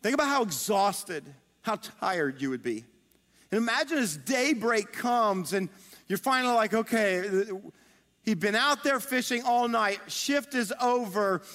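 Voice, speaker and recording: A male pastor delivers a sermon, telling a story in a chatty, animated way. His voice sits fairly high. It rings out with a long hall reverb, as in a large sanctuary.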